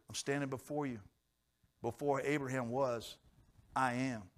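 A man preaching a sermon in church, questioning his congregation and swinging between emphatic loud lines and quiet low ones. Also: fairly even intonation, measured pace, pauses often. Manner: repeats and restarts words, asks questions of the congregation. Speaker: pastor.

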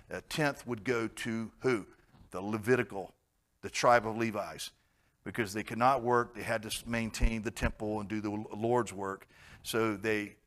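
A man preaching a casual Bible teaching in a blunt, conversational way, with joking asides and sudden loud stresses. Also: lowish voice.

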